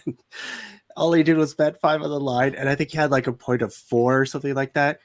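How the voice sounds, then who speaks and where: A man with an ordinary mid-range voice co-hosts a relaxed podcast about casino life. He chuckles often and tells stories in an easy, chatty way. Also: medium pitch, fairly quick. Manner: chuckling, chatty, reads out listener messages. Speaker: podcast co-host, casino dealer. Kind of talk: casual podcast chat.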